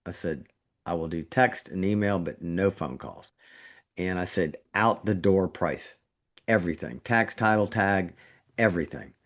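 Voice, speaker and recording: A man's voice: deep voice, a little slow. A middle-aged man, a surgeon co-hosting a podcast, telling a story in casual chat, his voice jumping up when he gets indignant. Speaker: trauma surgeon, podcast co-host.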